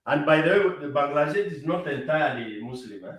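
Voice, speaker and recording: Chatty Kenyan co-host, distant echoey mic. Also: male voice, fairly high pitch, expressive, fairly quick, fairly bright tone. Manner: laughs easily, loose chatty asides. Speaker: stream co-host. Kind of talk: casual chat mixing Swahili and English.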